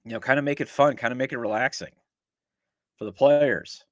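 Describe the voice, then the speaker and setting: Opinionated and exasperated, a middle-aged man on his sports podcast delivers a sarcastic rant about his team. He talks briskly in a mid-range voice, and the studio-quality recording has no room sound.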